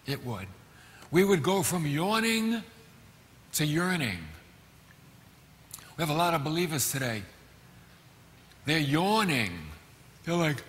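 A middle-aged man preaching a sermon as pastor, animated, acting out quoted voices and breaking into sudden shouts. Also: a little high, takes it slowly, long pauses, big-room sound. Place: church hall.

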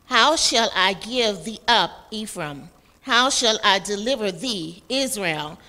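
Slow, bright-voiced woman reading scripture. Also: mid-range voice, expressive, long reverb tail. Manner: careful, deliberate reading of verses. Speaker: class member reading aloud.

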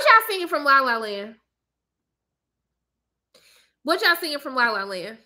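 A young woman chatting casually to her viewers, blunt and sassy, ranting with animated emphasis. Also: sits high, normal speed, pauses often. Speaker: movie commentator.

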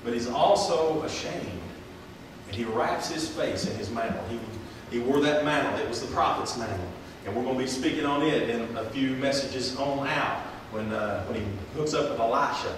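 A man's voice: mid-range voice, normal speed, background noise. A man preaching a sermon as pastor, earnest and folksy, with plain everyday grammar, reading scripture aloud in old-fashioned wording. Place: church sanctuary. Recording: echoey church hall, voice from far off.

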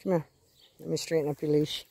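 A woman's voice: low voice, level tone, brisk, creaky, background noise. A woman casually talking through a dog training walk in her yard, breaking off to give her dog short commands and praise. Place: outdoors in her yard near chickens.

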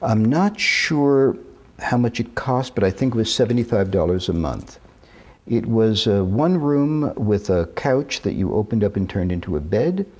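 A man in his sixties from New York, telling stories in an interview with measured, deliberate, careful diction. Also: fairly low pitch, lively intonation, a little mellow. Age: 60s. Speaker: interview guest. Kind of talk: reminiscing interview talk.

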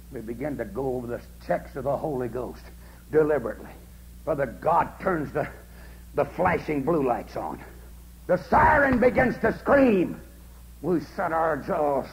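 A man preaching a holiness revival sermon at a camp meeting, swinging from hushed storytelling to shouted fervor. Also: on the high side, sing-song, measured pace, poor audio. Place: large camp meeting service.

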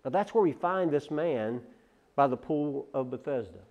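A man preaching a sermon as pastor, firing off loud rhetorical questions and then dropping to quiet asides, often repeating and restarting words. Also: mid-range voice, expressive, moderate pace, lo-fi sound.

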